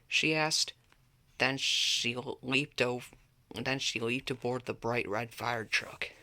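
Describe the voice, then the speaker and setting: A man reading a children's picture book aloud, lifting his voice for the characters' shouts. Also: takes it slowly. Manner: lively read-aloud, pitching up for characters' shouts. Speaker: storybook reader.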